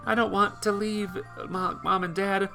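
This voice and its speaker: A man's voice: high voice, fairly even intonation, moderate pace, gravelly, over music, voice pushed up. A man voicing a frail young woman who is delirious and scared, speaking in a weak, pleading way. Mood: frightened.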